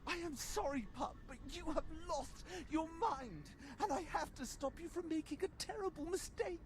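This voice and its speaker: A woman's voice: sits high, normal speed, natural voice. An actress voicing a determined woman in a video game, who speaks to her beloved in an earnest, apologetic but firm way. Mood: resolute.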